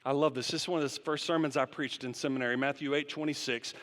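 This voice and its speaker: A man's voice: mid-range voice, fairly even intonation, fast, fairly bright tone. A man preaching a sermon as pastor, putting rhetorical questions to the congregation in long runs. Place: church sanctuary. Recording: long church reverb.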